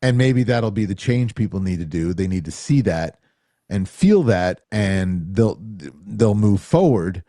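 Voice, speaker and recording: A middle-aged male podcast host with a lowish voice tells stories at a measured pace in casual chat, animatedly acting out quoted lines. The recording is dry, with clean studio sound.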